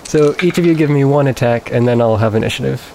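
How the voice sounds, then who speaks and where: A man running a tabletop game as game master, giving calm, unhurried rulings. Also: mid-range voice, creaky, slight background noise.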